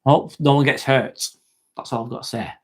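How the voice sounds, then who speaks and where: At normal speed and medium pitch, with fairly even intonation, a Northwest England man with an East Lancashire accent hosts a casual livestream. He reads viewer comments, swears freely, calls everyone mate and keeps the mood relaxed and friendly.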